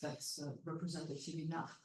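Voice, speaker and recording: A woman's voice: sits low, level tone, fairly quick. A woman giving an academic conference talk, explaining step by step with frequent hesitations and fillers. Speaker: conference presenter. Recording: echoey room.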